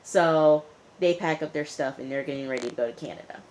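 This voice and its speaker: A woman's voice: sits low, brisk, a little mellow. A woman casually recapping a TV episode, chatty, with lots of fillers. She talks back to the characters as she retells the story. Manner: chatty, lots of "you know" and "like". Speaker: TV reviewer.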